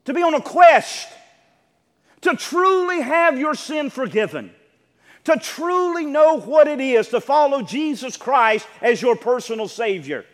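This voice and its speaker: A man preaching a sermon as pastor of his church, emphatic and building to near shouts. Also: very high-pitched, lively intonation, a little slow. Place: church sanctuary. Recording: long church reverb.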